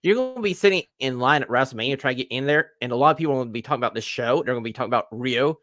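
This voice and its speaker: A man hosting a wrestling podcast, previewing matches with casual enthusiasm and pushing listeners to buy tickets. His voice sits at a middle pitch, and the recording is dry with no room echo. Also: animated, very fast, a bit bright. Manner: enthusiastic, plugging the show. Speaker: podcast host.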